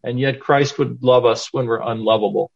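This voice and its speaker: A man's voice: medium pitch, fairly even intonation, moderate pace, creaky. Earnest older man preaching, lo-fi. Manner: earnest, plainspoken, conversational. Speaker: lay preacher teaching men. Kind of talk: sermon. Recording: dull lo-fi recording.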